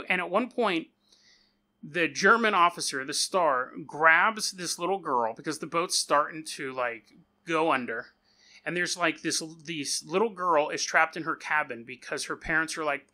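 A man's voice: on the high side, normal speed, bright, forceful tone. A man hosting a podcast, retelling a story in a chatty, joking way with offhand asides. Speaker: podcast host. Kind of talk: casual storytelling.

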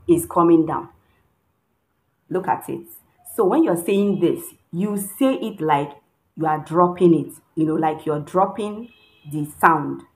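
A woman teaching a beginner language lesson, patiently repeating words slowly to show each tone. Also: sits low. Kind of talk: instructional lesson.

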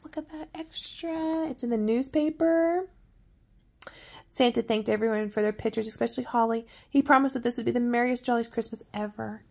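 An older woman reading a picture book aloud at bedtime, with soft, coaxing asides to a child. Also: fairly high pitch, fairly quick, creaky. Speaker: storyteller.

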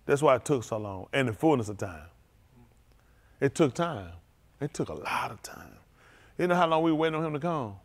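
Male pastor, loose vernacular sermon delivery, moves between low murmurs and loud high exclaiming. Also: big pitch swings, moderate pace, long pauses. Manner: speaks in informal, vernacular English.

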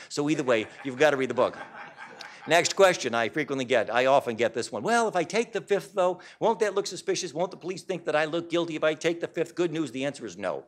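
A man giving a public talk to a live audience in a hall, speaking in an emphatic, insistent way. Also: a little high.

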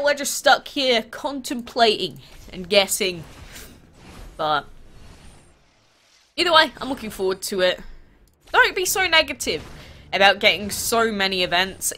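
A woman with a cold and a stuffy nose hosts a mobile game channel, sounding congested. In a casual gaming vlog, she chats animatedly in a fairly high voice, full of rhetorical questions.

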